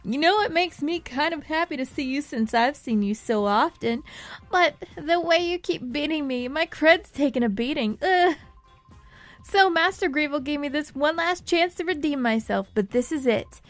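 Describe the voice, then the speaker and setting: A woman's voice: high voice, lively intonation, moderate pace, dry recording, soft background music, pitched above the performer's own voice. A woman voicing a cocky young male henchman from a game, who whines when he talks about losing.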